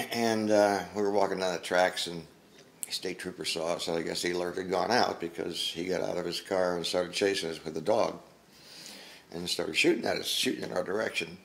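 Very deep gravelly older man. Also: steady tone, a bit bright. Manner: halting, plain-spoken storyteller. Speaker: interviewee. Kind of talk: recounting personal memories.

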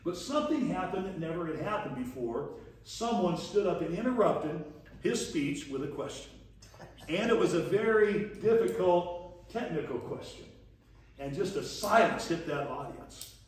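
A pastor teaches a leadership lesson through stories, chuckling in a folksy way and acting out the dialogue. His voice is high-pitched and animated at a moderate pace. The sermon-style lesson was recorded from a distance in an echoey church hall.

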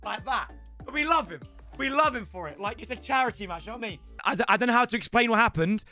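A young man, reacting excitedly to footage of his own football match and breaking into loud play-by-play. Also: extremely high pitch, fast, faint music behind. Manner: animated, bursts into shouts of play-by-play.

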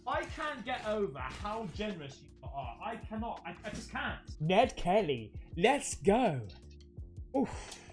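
Excitable man with a lively voice. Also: high voice, a little slow, soft background music. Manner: excitable, exclamatory, says mate a lot. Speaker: YouTuber opening fan mail. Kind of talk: casual unboxing chat.

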